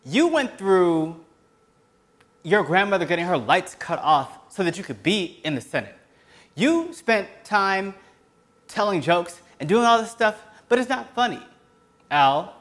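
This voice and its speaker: A man hosts his own web show, delivering sarcastic political commentary with passion and sometimes yelling. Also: high voice, big pitch swings, unhurried. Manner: impassioned, sarcastic, breaks into yelling. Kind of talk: solo political commentary rant.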